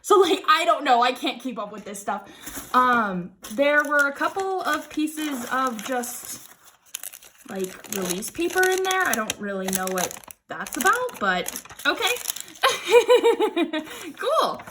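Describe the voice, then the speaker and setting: Young woman gushing over a craft kit, high voice, faint hiss behind, keeps saying oh my god. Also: takes it slowly. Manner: gushing, excitable, repeats exclamations, laughs often. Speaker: crafting vlogger. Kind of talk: casual unboxing chat.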